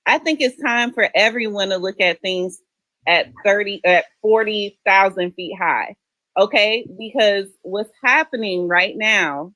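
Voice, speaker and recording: A woman's voice: medium pitch, unhurried, bright, forceful tone, dry recording, low-quality recording. A woman on a discussion panel who speaks assertively and waves off the details for the big picture. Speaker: panel guest. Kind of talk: panel debate.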